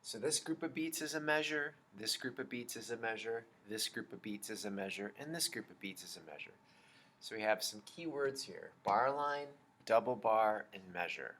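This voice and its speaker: A man teaching a children's music lesson, explaining slowly and patiently and chanting rhythm syllables. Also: fairly low pitch, a bit bright.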